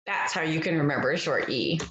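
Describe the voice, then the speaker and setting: Woman teacher, slow, encouraging read-aloud; lowish voice, echoey room. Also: expressive, slight background noise. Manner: gentle, encouraging, drawn-out sounds. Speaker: reading teacher. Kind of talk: read-aloud phonics lesson.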